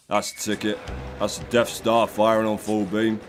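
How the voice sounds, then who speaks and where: A man's voice: fairly low pitch, steady tone, moderate pace, faint music behind. An English man hosting a gaming video, delivering a sardonic, profane and rambling comic rant. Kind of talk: comic commentary over gameplay.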